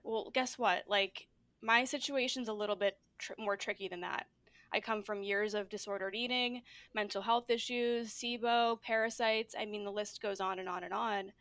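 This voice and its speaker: A woman's voice: mid-range voice, steady tone, normal speed, fairly bright tone, no room sound. A woman hosting a casual podcast conversation, rambling along with lots of fillers and "like"s. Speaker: podcast host.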